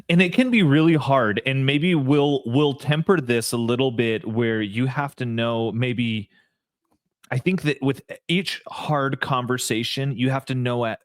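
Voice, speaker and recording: A man hosting a faith podcast, speaking in an earnest, measured way with some "um" fillers. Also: mid-range voice, dry recording, clean studio sound. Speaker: podcast host. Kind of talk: casual interview chat.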